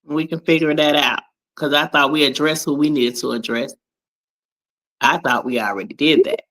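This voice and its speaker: A woman co-hosting a casual livestream chat, animated and swearing as she talks. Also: normal speed. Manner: animated, swears, exclaims in a high voice. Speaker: livestream co-host.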